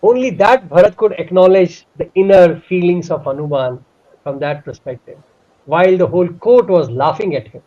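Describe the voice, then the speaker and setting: A man, retelling a devotional story in a heartfelt, animated way with many fillers. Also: high voice, normal speed. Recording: dull lo-fi recording.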